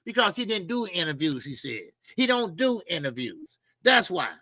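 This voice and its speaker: This boxing channel host has a high-pitched, very animated voice that sounds pushed and bright, at normal speed with no echo. His opinionated rant is blunt, profane and mocking, full of fillers and repeated phrases.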